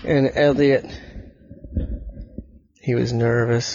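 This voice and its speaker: A man improvising a bedtime story, telling it in a hesitant, halting way with many restarts. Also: mid-range voice, steady tone, creaky, a little mellow, lo-fi sound.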